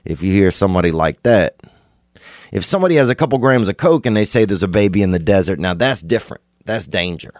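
A man from Louisiana delivering a rambling, digressive comedic monologue, now and then jumping into sudden high, excited bursts. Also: quick pace, dry recording, clean studio sound.

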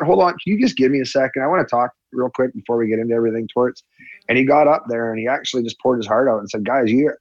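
A former hockey player telling a story in a casual chat, acting out the quotes with a raised voice. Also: male voice, medium pitch, breathy edge, no room sound, lo-fi sound. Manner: animated, acts out quotes with a raised voice.

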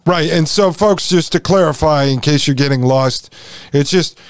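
A man with a fairly high voice hosts a podcast, talking in a casual, sarcastic way. He addresses his listeners directly. The sound is close and dry, with no room echo. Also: moderate pace. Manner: wry, sarcastic, addresses audience as folks. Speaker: podcast host. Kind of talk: casual conversational podcast talk.

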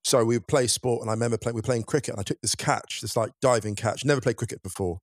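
A man's voice: medium pitch, quick pace, no echo, clean studio sound. A man chatting on a podcast, telling his own story in a candid, emphatic way. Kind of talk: casual chat.

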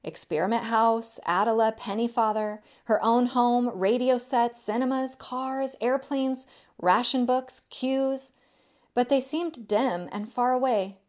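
A woman's voice: on the high side, a little slow, a little mellow. Woman teaching and reading aloud.

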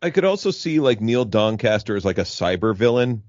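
Low-voiced man, dry lo-fi audio. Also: sing-song, fairly quick, a little mellow, no echo. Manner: mostly brief backchannels, dry jokes. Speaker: podcast co-host. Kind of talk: casual chat. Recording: dry, dull lo-fi sound.

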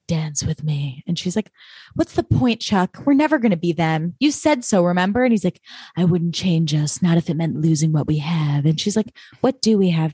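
A woman's voice: fairly low pitch, no room sound, clean studio sound. A woman co-hosting a podcast, recapping a TV episode in casual chat and acting out characters' lines as she tells it. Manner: relaxed storytelling, acts out characters' lines. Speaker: podcast co-host.

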